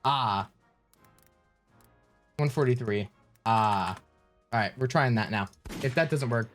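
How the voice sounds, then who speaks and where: A man's voice: mid-range voice, slow, faint music behind. A man live streaming, flustered and rambling as he fiddles with his stream settings and thanks viewers.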